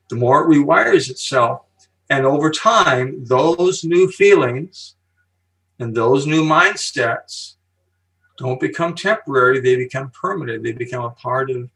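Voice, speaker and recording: An older man, a guest speaker on psychology, telling stories and explaining ideas slowly and emphatically in an interview. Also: mid-range voice, gravelly, a bit bright, recorded from a distance, rough recording. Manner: emphatic, slow deliberate pauses, storytelling. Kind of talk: podcast interview.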